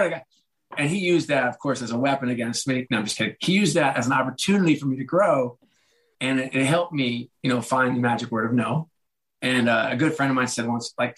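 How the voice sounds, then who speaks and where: A man's voice: medium pitch, fairly bright tone, poor audio. Middle-aged guy on a podcast, chatty, pokes fun at himself, does little voices for quotes. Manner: chatty and self-deprecating, acts out quotes. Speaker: author and guest. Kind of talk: casual podcast conversation.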